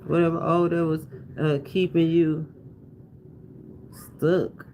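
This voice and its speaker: Guy doing a tarot reading, slow and drawn out, kinda high voice, repeats himself like a preacher, faint hum behind. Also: flat delivery, a little mellow, low-quality recording. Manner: loose, repetitive, preacher-like cadence with asides to viewers. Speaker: tarot reader. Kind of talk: casual spoken tarot reading.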